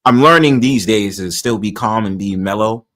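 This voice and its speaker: A man's voice: on the low side, normal speed, a bit bright. Blunt, opinionated New man. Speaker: livestream host. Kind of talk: casual livestream talk.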